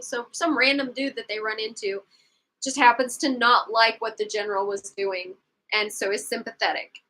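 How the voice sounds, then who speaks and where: Woman, book club co-host; high bright voice, easygoing slow recap, casual asides. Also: steady tone, poor audio. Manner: rambling plot recap with frequent asides and laughter. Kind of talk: casual book discussion livestream.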